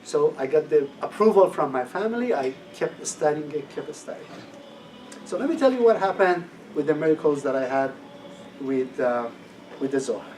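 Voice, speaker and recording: A man's voice: fairly high pitch, animated, normal speed, darkish tone. A middle-aged man gives a personal testimony talk at a class, telling his story with animation and acting out the voices of people he quotes. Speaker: guest speaker at a class. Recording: distant mic with faint room noise.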